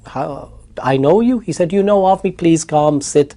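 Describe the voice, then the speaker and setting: Man, Irish accent, mellow warm voice, animated interview storytelling. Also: on the high side, normal speed. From Ireland. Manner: animated storyteller, repeats words when excited. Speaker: interview guest.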